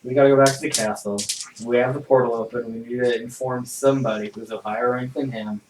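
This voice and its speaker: A man's voice: medium pitch, steady tone, fast, darkish tone. A man playing a tabletop game, joking and swearing in casual chat. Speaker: player. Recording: echoey room from far off, noisy.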